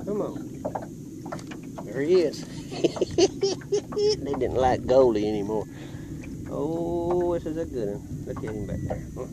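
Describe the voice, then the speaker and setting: A man's voice: mid-range voice, expressive, normal speed, very noisy. A middle-aged man telling a folksy childhood story while fishing outdoors, acting out voices and sound effects. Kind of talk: casual storytelling.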